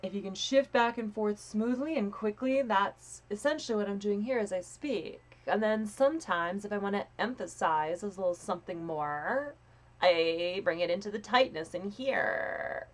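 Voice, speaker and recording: A young woman coaching a live voice training lesson in a casual, chatty way, swearing freely and demonstrating breathy and pinched sounds. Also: mid-range voice, animated, normal speed.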